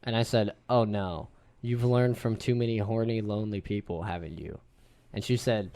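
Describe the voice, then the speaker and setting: A man in his thirties hosting a podcast, telling a story to friends in an animated, casual way and swearing freely. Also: on the low side, normal speed. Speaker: podcast host. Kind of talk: casual group chat.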